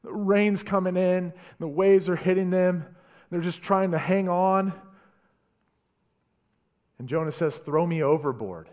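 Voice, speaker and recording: A man preaching a sermon, retelling a story with animated delivery and stammered repeats. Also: high voice, takes it slowly, pauses often. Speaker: pastor.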